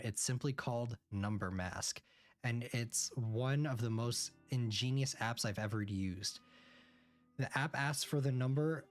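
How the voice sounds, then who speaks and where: Man reading a visual novel aloud. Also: medium pitch. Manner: narrates in first person, breaks off for quick reactions. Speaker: streamer.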